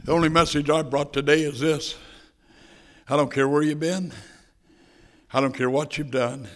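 A man's voice: fairly high pitch, steady tone, normal speed. Impassioned male preacher telling a story. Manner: impassioned, swings between hushed and loud. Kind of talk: sermon with storytelling.

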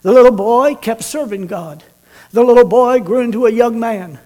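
High-voiced dramatic preacher man. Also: normal speed. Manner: dramatic, swings from loud to hushed. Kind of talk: sermon storytelling.

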